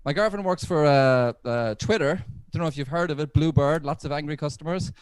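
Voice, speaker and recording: A man's voice: a little high, fairly quick, smooth, no room sound. A man performing a stand-up comedy set from home over a video call. He chats along and laughs at his own jokes.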